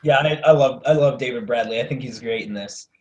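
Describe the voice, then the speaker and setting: A young man co-hosting a casual movie podcast, ranting and swearing as his volume swings from loud to mumbled. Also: medium pitch, fairly quick. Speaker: podcast co-host.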